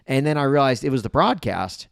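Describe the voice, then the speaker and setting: A man's voice: mid-range voice, very animated, brisk, gravelly. A man co-hosting a casual podcast, telling stories with animation and often laughing. His voice sits mid-range for a man. The sound is dry, with no room echo. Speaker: podcast co-host. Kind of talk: casual comedic podcast chat.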